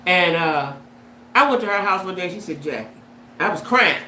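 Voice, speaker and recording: A woman hosting a casual commentary vlog, talking to her viewers in an animated way and often asking them "right?". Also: on the low side, normal speed. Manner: animated, talks to viewers with "right?" and "you know what I'm saying". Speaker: host. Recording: echoey room with faint background noise.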